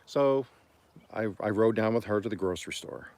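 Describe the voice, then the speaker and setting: Guy from oklahoma rambling through a story on his homestead stream, kinda low voice, keeps clearing his throat. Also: moderate pace, a little mellow. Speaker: homestead livestream host. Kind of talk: casual storytelling on a livestream.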